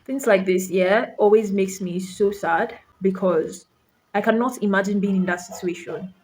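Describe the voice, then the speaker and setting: A woman's voice: medium pitch, moderate pace, a little mellow. A woman from Nigeria ranting to camera, emphatic and full of rhetorical questions, with some swearing. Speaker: vlogger. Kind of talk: impassioned rant to camera.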